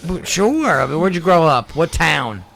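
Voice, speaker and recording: A man's voice: on the high side, sing-song, moderate pace, creaky, fairly bright tone. A man from California hosting a casual comedy radio show, easily amused and giggling. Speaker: radio host. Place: radio studio.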